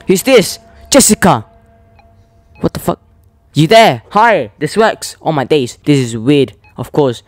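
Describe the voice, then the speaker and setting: A man's voice: fairly high pitch, sing-song, measured pace, pauses often, dry recording. A man, commentating a horror game playthrough, jittery and swearing, talking back to the characters. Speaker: gaming channel host.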